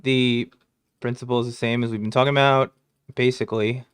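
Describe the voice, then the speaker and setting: A man's voice: medium pitch, flat delivery, brisk, clean tone, no room sound, studio quality. A man casually reviewing his poker hands, joking crudely and swearing as he goes. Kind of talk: casual hand review commentary.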